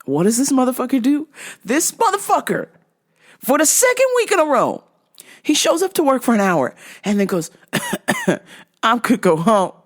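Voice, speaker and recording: A woman's voice: sits high, huge pitch swings, normal speed. A woman podcast host and business owner telling a story as a casual, profane, exasperated rant.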